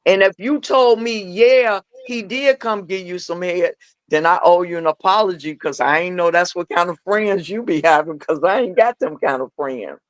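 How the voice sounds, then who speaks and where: A middle-aged woman telling candid personal stories as a podcast guest. She acts out the dialogue in her stories with lively voices. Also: on the low side, moderate pace, no echo. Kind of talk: candid storytelling chat.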